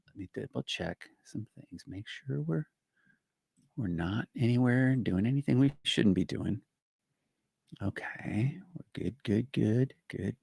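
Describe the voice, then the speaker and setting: An older man hosting his own show, commenting excitedly on a clip he plays, rambling and repeating himself. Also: medium pitch, creaky, no room sound, studio quality. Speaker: host. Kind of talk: casual commentary on a played clip.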